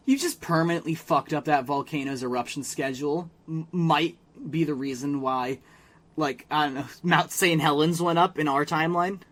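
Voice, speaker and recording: His voice sits a little high with a fairly bright quality, and he keeps a steady tone at a moderate pace. As co-host of a podcast, this man loosely retells scenes from a cartoon episode, mimicking the characters in exaggerated fashion and swearing freely.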